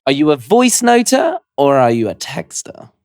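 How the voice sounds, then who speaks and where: A man's voice: on the high side, sing-song, normal speed, a little mellow, dry recording, clean studio sound. A young man, co-hosting a casual chat podcast, playful and jokey. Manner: playful, jokey, puts on silly voices. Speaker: podcast co-host.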